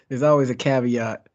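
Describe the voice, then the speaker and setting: A man co-hosting a podcast, speaking in a measured, hedging way in casual chat. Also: mid-range voice, a little mellow. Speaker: podcast co-host. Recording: dull lo-fi sound.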